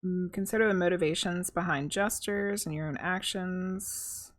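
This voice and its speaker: A woman psychic medium giving a live-stream tarot reading, reading chat aloud and thinking out loud with a chatty, soft-spoken manner. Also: on the low side, fairly even intonation, normal speed.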